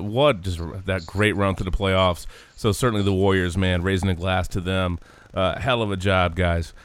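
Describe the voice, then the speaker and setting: A man's voice: on the low side, a bit bright, smooth, dry recording. A man hosting a casual sports podcast, laughing often and calling his cohost dude and man.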